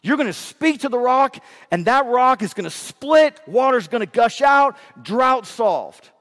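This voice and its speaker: Man playing a bold, excited male god, high lively voice, big reverb. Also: heavily acted. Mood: eager. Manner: excited, emphatic, quickening. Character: bold reassuring male deity, boastful and eager.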